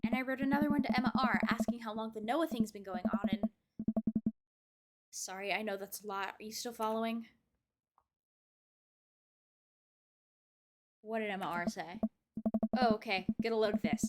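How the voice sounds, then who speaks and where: A woman's voice: on the high side, fairly even intonation, fairly quick, natural voice. A woman voicing an upset teenage girl who rambles as she vents to her dad, read from a game script. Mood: exasperated. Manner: rambling, exasperated storytelling. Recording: loud game music behind.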